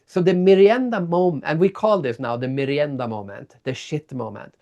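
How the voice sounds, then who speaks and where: A man guest in a casual interview, telling stories in an animated way and acting out people's reactions. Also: on the high side, normal speed, muffled recording. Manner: animated storyteller, acts out reactions. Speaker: guest, keynote speaker and author.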